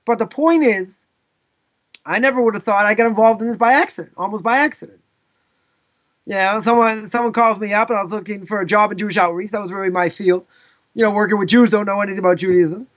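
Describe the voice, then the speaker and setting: Male rabbi, live lesson; high-pitched, casual storyteller with asides, dull lo-fi recording. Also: quick pace. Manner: casual, animated, with frequent asides. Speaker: rabbi teaching a class.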